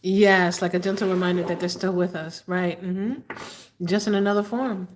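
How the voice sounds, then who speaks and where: A woman in her fifties hosting a live tarot stream, talking slowly and haltingly with many fillers, sometimes emotional. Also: on the low side, fairly even intonation, background noise. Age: 50s. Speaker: tarot reader hosting a livestream. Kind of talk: live-stream chat answering viewers.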